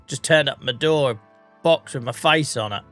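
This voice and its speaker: A chatty man from the UK with an English regional accent, a bit under the weather, talking on a live stream. His voice is bright and forward, with faint music playing behind him. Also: medium pitch, moderate pace. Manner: chatty, laughs often, British slang. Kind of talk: casual live-stream chat.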